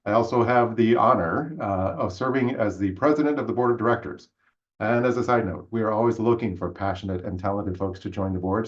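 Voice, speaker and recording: A man hosting a live-streamed theater talk show, speaking in a friendly, halting way with many fillers. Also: fairly low pitch, highs cut off. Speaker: host.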